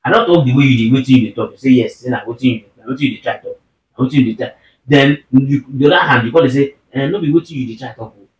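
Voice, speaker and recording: A young Nigerian man argues with his wife at home and keeps demanding a plain explanation, mostly in Pidgin. His pitch sits in the middle. He sounds distant, in an echoey room. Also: very fast, dull audio. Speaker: husband. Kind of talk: casual argument between spouses. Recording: roomy and distant.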